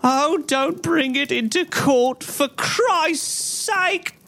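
A man reading an audiobook, voicing a cringing, panicked young male thief with a crackling voice who begs in a high, strained tone. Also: lively intonation, slow, darkish tone. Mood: pleading. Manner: begging, high-strung, voice leaping upward. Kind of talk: audiobook character voice.

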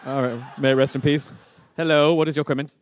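A man hosting a live comedy podcast, joking quickly and running the audience segment. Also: mid-range voice, steady tone, slight background noise. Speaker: podcast host.

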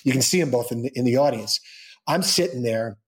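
A man's voice: mid-range voice, fairly quick. Rambling middle-aged man telling a story. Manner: animated, rambling anecdote with many fillers and restarts. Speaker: guest. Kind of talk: storytelling in a casual interview.

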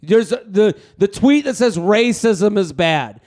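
A man hosting a podcast in casual comedic chat, animated and jokey, swearing freely and breaking into loud bits. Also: high voice, takes it slowly. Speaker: podcast host.

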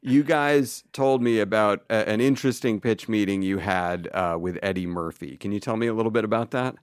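A man's voice: on the low side, fairly quick, clean tone, no echo, studio quality. A male co-host of a comedy podcast, chatting playfully, slipping in puns and restarting his sentences as he steers the guest. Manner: playful, punning, hesitant restarts. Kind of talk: casual comedy podcast chat.

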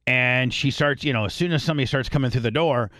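A man hosting a podcast, telling a long rambling story in casual chat, swearing freely and clearing his throat often. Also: medium pitch, fast, fairly bright tone, no echo, clean studio sound. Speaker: podcast host.

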